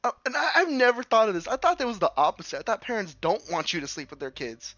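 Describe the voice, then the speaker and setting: A man streamer telling a story casually, animated and laughing, with lots of restarts. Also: high-pitched, fast talker, dry recording.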